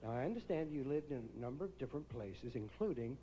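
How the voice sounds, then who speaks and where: A man hosting a live pageant on stage, teasing the contestants with quick jokes as he interviews them. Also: medium pitch, lively intonation, mellow, a little hiss or hum, low-quality recording. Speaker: pageant host. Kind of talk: joking live pageant emcee.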